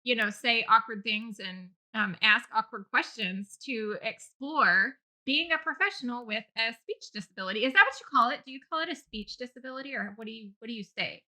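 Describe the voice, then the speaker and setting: Playful lady podcast host, kinda high, bright voice, teases the guest. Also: a little fast, few pauses. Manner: playful, teasing. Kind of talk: casual chat.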